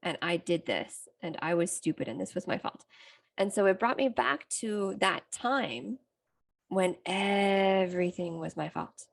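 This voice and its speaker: A woman's voice: on the low side, lively intonation, measured pace, creaky. A middle-aged woman, a psychotherapist hosting a self-help podcast, telling a personal story in a candid, reflective way. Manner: candid, reflective, talks through a story with restarts.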